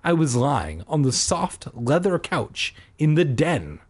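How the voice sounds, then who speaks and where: A man's voice: on the high side, very animated, takes it slowly, breathy edge. A man reading a children's horror book aloud for comedy, breaking off for sarcastic and profane asides. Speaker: reader.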